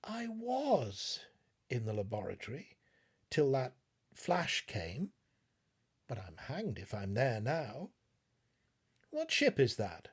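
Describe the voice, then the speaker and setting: A man voicing a frightened, bewildered young male scientist in an audiobook, exclaiming in a husky voice. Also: mid-range voice, wildly swooping pitch, slow, pauses often, exaggerated voice. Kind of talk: audiobook reading.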